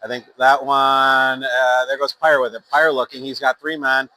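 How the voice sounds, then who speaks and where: At a moderate pace and with little pitch movement, a medium-pitched man calls amateur youth hockey play-by-play, rambling casually with fillers and self-corrections and reading sponsor plugs between plays. Background noise is audible.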